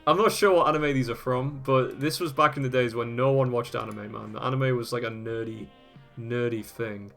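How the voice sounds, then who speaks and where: A man's voice: mid-range voice, steady tone, moderate pace, creaky, few pauses, fairly bright tone, soft background music. A man hosting a video, reading old web pages aloud and chatting about them with casual amusement, often laughing and swearing. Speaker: host.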